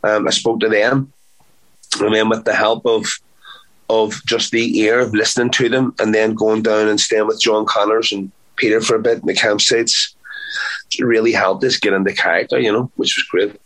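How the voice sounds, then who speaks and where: A man's voice: fairly low pitch, flat delivery, normal speed, a bit bright, poor audio. A man, an actor, chatting in an interview, playful and talkative, repeating words for emphasis. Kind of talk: casual interview chat.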